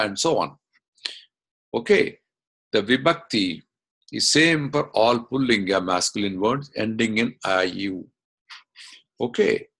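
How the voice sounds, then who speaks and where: Man, lowish voice, unhurried, patient online teacher, poses questions. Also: sharp tone. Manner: slow, explains step by step with questions. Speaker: Sanskrit teacher. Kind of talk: online lesson. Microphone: video call.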